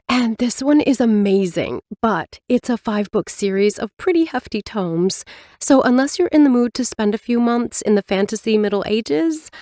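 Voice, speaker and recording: A bubbly, talkative young librarian, put on by a woman reading an audiobook, her voice lifting higher than the narration and swinging lively up and down. Eager and friendly, she sounds close and dry on the mic. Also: no echo.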